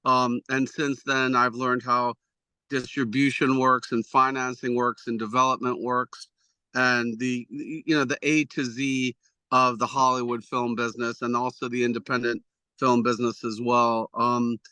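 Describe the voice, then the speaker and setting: Guy producer talking over a video call, bright tense tone, dry close sound, keeps restarting sentences. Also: medium pitch, level tone, a little slow, no echo. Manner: rambling, restarts often, self-deprecating. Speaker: executive producer guest. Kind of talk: conversational interview answers.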